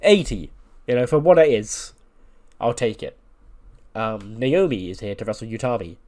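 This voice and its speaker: A man's voice: lowish voice, animated, moderate pace, mellow. A man who is ill, casually recapping storylines from a wrestling simulation game in a filler-heavy way. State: ill, sounds under the weather. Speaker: game commentator.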